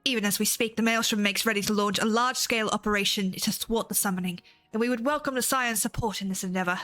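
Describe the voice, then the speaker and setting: A woman's voice: medium pitch, fast talker, a bit bright, soft background music, close to an everyday voice. A woman reading aloud the lines of a stern, commanding female admiral in archaic, formal speech. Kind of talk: reading game dialogue aloud.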